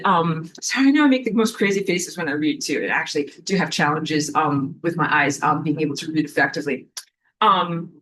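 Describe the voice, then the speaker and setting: The speaker, a spiritual teacher on a livestream, rambles casually with many fillers and some swearing, frequently apologizing and reading viewer comments out loud. A medium-pitched, slightly bright voice comes through a low-quality recording.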